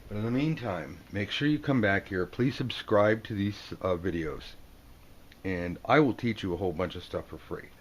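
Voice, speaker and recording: A man giving a casual tarot video lesson, joking and acting out the people on the cards in quick silly voices. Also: on the low side, highs cut off, a little hiss or hum. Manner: playful, jokey, acts out card characters in quick silly voices. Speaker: tarot teacher.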